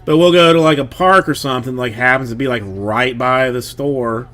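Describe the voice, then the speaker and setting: A man's voice: medium pitch, normal speed, a bit bright. A man in his thirties chatting casually on a livestream about being a father, rambling with plenty of fillers and restarts. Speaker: streamer, father of a young daughter.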